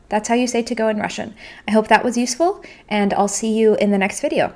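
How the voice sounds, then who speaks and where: A woman's voice: mid-range voice, fairly even intonation, a little fast. A woman teaching language grammar to camera in a playful, jokey way.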